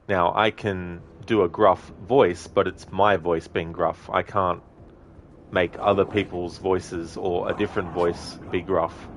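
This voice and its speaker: A man's voice: low-pitched, steady tone, slow, slight background noise. A male streamer making casual commentary while gaming, rambling and thinking aloud.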